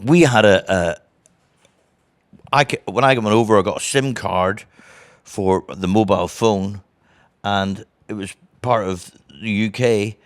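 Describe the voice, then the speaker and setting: A man with a Northern Irish accent spins stories in a casual interview, his voice sitting fairly low. He acts out the people in his stories as he goes. The sound is dry and close, with no room around it. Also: a little slow, no echo. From Northern Ireland. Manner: animated storyteller who acts out other people's voices. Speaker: guest comedian.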